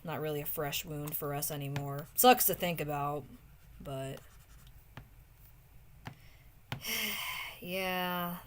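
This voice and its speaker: A young woman streamer chatting casually with viewers while drawing, often trailing off into soft muttering to herself as she works. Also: low voice, slow, slight background noise. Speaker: streamer drawing art requests.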